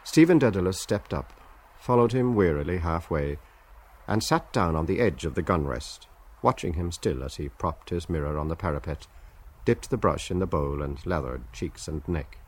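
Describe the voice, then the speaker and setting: Deep, husky male audiobook narrator. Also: expressive, normal speed.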